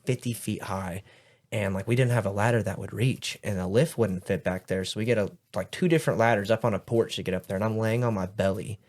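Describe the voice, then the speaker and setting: A man's voice: on the low side, darkish tone. Young man rambling and swearing. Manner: rambling storyteller, heavy swearing, lots of "like". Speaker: podcast host. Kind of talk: casual chat.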